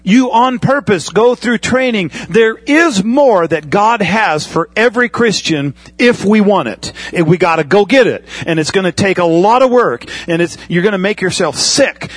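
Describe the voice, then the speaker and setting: A man's voice: high-pitched, no room sound. A man preaching a sermon in a conversational way, asking the congregation questions and using everyday comparisons. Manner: conversational preaching with pilot analogies and asides. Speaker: pastor.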